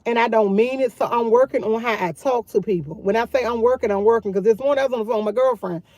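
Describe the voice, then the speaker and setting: A talkative woman, speaking in a somewhat high voice. She chats candidly and loosely on a phone live stream from outdoors, circling back to the same points. The sound is dry and close, with little room around it. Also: fast talker, a little mellow, no room sound. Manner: candid, talkative, repeats herself. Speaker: vlogger live-streaming to chat. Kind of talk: casual live-stream chat.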